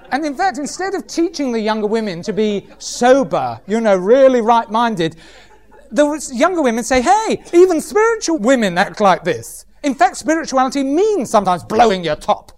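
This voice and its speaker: A man's voice: extremely high pitch, big pitch swings, moderate pace. A middle-aged man preaching a humorous sermon, often mimicking other voices.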